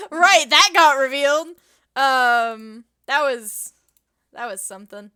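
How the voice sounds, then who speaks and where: A woman's voice: sits high, lively intonation, slow, bright, forceful tone, no room sound, studio quality. A young woman co-hosting a fan podcast in casual chat, giggly and rambling with lots of ums. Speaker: podcast co-host.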